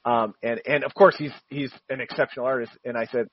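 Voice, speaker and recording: A man who is a comic book writer, talking as an interview guest, quick and eager and laughing often. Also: medium pitch, fairly even intonation, muffled recording, slight background noise.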